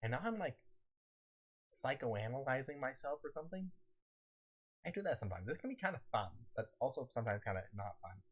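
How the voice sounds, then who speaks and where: A man streaming a game, chatting casually to viewers in a rambling way, laughing often and talking on in a raised pitch, his throat a little scratchy. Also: very animated, brisk, pauses often.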